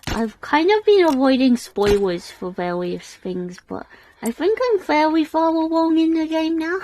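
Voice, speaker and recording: A woman's voice: high voice, animated, a little slow, warm tone, poor audio. A British woman streaming a game live, chatting casually with frequent giggles and rambling restarts. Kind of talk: casual live-stream chat while gaming.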